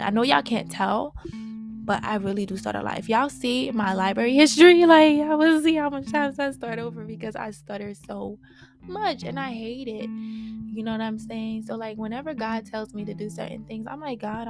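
A woman's voice: a little high, creaky. A young woman teaching Bible study in a casual, passionate, slangy way, reading scripture and talking it through. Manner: passionate, slangy, animated preaching.

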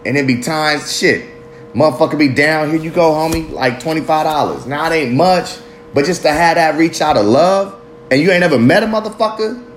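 A man's voice: a little high, slight background noise. Profane laid-back man musing on a podcast. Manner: loose, profane, street slang, rambling reflective. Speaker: podcast host. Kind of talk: casual solo podcast monologue.

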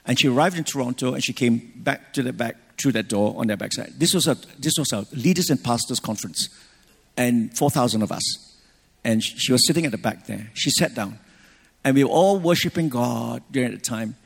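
A middle-aged man, a pastor, telling a personal story in a sermon, animated and full of restarts. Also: medium pitch, brisk, vocal fry, slightly rough. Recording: long reverb from a large hall.

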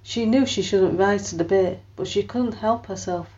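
A woman narrates a scripted story at a moderate pace in a medium-pitched voice, expressively voicing the characters and lifting her voice for quotes. The audio is dull.

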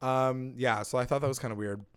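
A man with a smooth, clear voice, chatting casually as a podcast co-host. He tells the episode in an animated way, slipping into characters' lines and swearing freely. His pitch sits in a middle range. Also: fairly quick. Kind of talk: casual chat.

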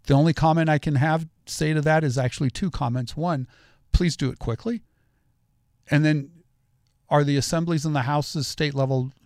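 A man's voice: mid-range voice, a little mellow, no echo, studio quality. A middle-aged man hosting a solo political commentary show, talking in an opinionated, conversational way and telling stories.

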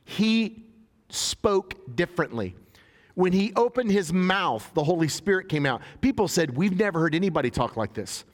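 A man's voice: high-pitched, big pitch swings, normal speed. Man preaching in a reverberant hall. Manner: casual, joking preaching with paraphrased voices. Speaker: pastor. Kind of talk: sermon.

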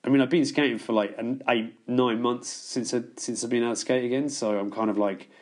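A man guesting on a podcast, chatting loosely and telling stories. He swears often and laughs at his own tales. His voice sits in an ordinary middle pitch. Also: steady tone, a little fast. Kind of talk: casual storytelling chat.

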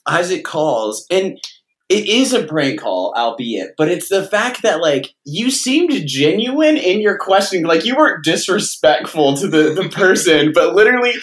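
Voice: medium pitch, sing-song, echoey room. A speaker in casual chat with friends, recounting an old prank with amusement. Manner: slow, amused storytelling.

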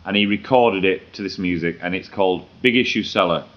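A man's voice: deep voice, brisk, a bit bright, muffled recording, a little hiss or hum. A man hosting a radio show, telling stories in crude comedic banter and swearing freely. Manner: brash, storytelling, swears freely.

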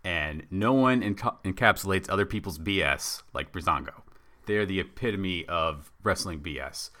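A man co-hosting a casual wrestling chat, rambling and animated as he pitches ideas. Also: normal speed. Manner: rambling, animated, acts out bits in silly voices. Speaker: podcast co-host.

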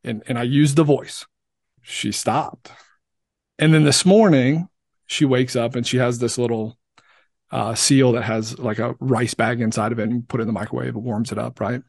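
A man's voice: mid-range voice, fairly even intonation, normal speed, gravelly, slightly rough, no room sound, clean studio sound. A man co-hosting a podcast, a father speaking candidly and searchingly in casual discussion.

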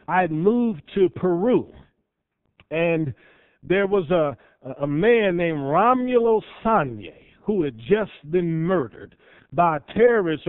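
A man preaching a sermon, telling a story that builds to loud, fervent peaks with drawn-out emphatic phrases. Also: sits high, no room sound. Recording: tinny phone-like sound.

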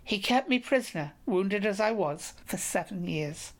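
A woman's voice: mid-range voice, lively intonation, a little slow, lightly acted. A woman reading a solemn wounded knight. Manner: formal, solemn storytelling. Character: grateful wounded male knight, formal. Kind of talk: audiobook reading of a medieval romance.

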